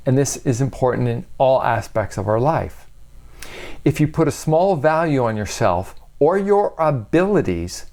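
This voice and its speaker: A man's voice: mid-range voice, darkish tone. A man giving an earnest, emphatic motivational self-help talk that is full of rhetorical questions.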